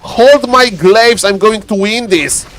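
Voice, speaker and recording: Man putting on a boastful gamer, cocky, slow and drawn out. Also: high voice, a bit bright. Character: cocky male player boasting he'll win.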